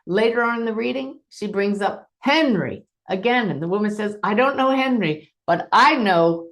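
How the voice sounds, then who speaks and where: A woman's voice: mid-range voice, animated, normal speed. A woman medium hosting a monthly online session, telling stories from her readings with enthusiasm and acting out the people she quotes. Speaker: medium and host. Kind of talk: teaching talk to an online audience.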